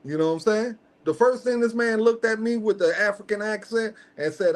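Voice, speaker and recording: Male host with a high voice, casual and slangy, emphatic, fond of rhetorical check-ins. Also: brisk. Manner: emphatic, peppers points with "okay?"; slangy, conversational. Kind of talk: casual podcast chat.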